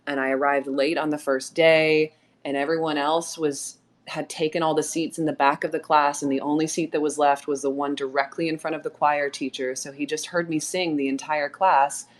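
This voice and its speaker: A woman's voice: low voice, level tone, moderate pace. A woman actress guesting on a live audio chat, telling stories animatedly, laughing often and acting out quotes. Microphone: remote audio call mic.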